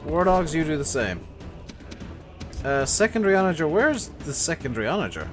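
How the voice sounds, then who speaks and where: A man streaming a strategy game live, barking orders and swearing at his units. His voice sits fairly high, with game music playing under him. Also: big pitch swings, fairly quick. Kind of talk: live gameplay commentary.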